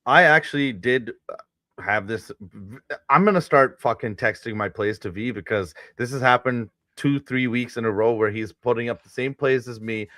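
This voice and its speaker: A man's voice: medium pitch, moderate pace, fairly bright tone, no room sound. Stats-heavy man talking betting picks. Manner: stats-heavy, casual, swears. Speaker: sports betting show co-host. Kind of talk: casual betting picks chat.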